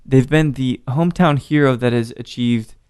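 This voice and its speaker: A man's voice: mid-range voice, moderate pace, darkish tone, smooth. A man hosting a podcast, enthusiastic and chatty, who swears casually. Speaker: podcast host. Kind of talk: casual chat.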